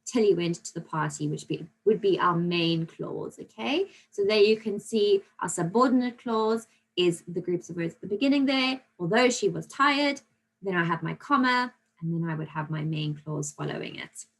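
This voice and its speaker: A woman's voice: fairly low pitch, expressive, normal speed, low-quality recording. A woman teaching a recorded grammar lesson to children, explaining patiently and checking in often with "okay?". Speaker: primary school teacher.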